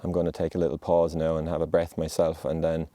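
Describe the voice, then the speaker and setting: A man giving a heartfelt, motivational monologue outdoors on a mountainside. He speaks in an earnest, gentle and reassuring way. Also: very deep voice, completely flat delivery, quick pace, no room sound. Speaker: podcast host.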